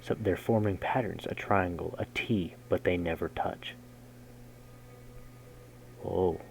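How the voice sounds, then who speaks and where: A man reading a game's story text aloud in a measured way, breaking in with casual, slangy jokes as a gaming host. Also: sits low, gravelly, slight background noise, rough recording. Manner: measured narration broken by casual slangy comments. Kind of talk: reading game text aloud with jokey asides.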